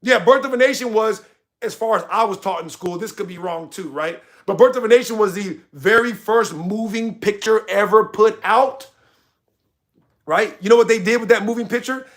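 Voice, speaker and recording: Heated and passionate, a young livestream host from the United States rants directly at his chat. He speaks at a moderate pace in a voice that sits high and sounds a bit bright.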